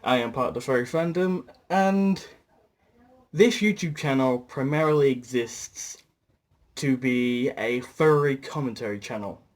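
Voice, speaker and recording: A man's voice: medium pitch, a little slow. Chatty young British man vlogging. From Britain. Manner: chatty, rambling, with filler words and swearing. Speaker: YouTuber. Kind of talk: casual vlog monologue.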